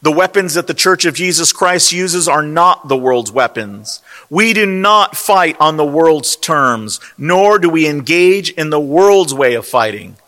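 Man preaching slow and emphatic, bright high voice, big echoey convention hall. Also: lively intonation. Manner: emphatic, rhetorical, punches single words. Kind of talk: sermon. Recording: long hall reverb.

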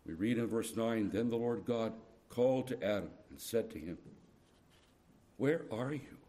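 A middle-aged man preaching a sermon, moving from soft, tender passages to loud, urgent appeals. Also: fairly low pitch, lively intonation, measured pace.

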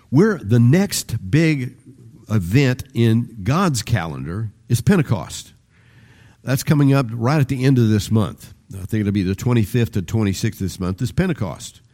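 A man's voice: mid-range voice, lively intonation, measured pace, mellow. An older man preaching a sermon in a rambling, conversational way, repeating and re-stressing his phrases. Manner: rambling, conversational, with restarts and varied emphasis. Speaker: pastor.

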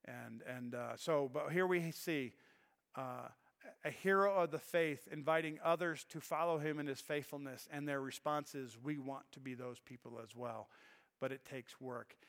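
Earnest pastor preaching in a reverberant church. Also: male voice, mid-range voice, normal speed, gravelly, a bit bright. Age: middle-aged. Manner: earnest, emotional storytelling with restarts. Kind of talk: sermon. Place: church sanctuary.

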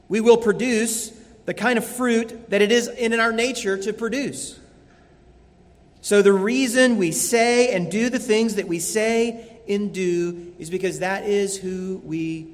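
A man preaching a sermon as a pastor, earnest and emphatic, repeating key phrases. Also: high voice. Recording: long hall reverb.

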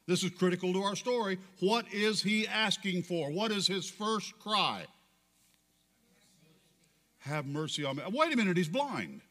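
A man preaching a sermon as pastor, dramatic, swinging between loud declarations and hushed questions. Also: high voice, big-room sound.

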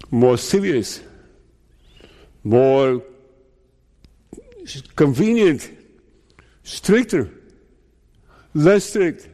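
A man preaching a sermon as pastor, slow and deliberate, putting rhetorical questions to his listeners. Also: fairly high pitch, darkish tone. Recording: long reverb of a large hall.

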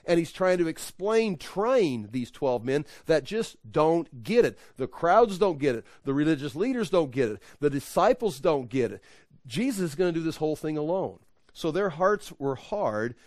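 A man's voice: a little high, darkish tone, no echo. A man leading an evening Bible study, teaching in a conversational, emphatic way and often correcting himself.

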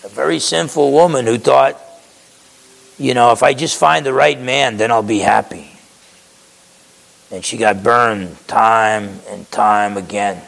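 Man, preacher, sermon, conversational, gravelly, acts out quotes. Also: medium pitch, measured pace, long pauses, a bit bright, long reverb tail, rough recording.

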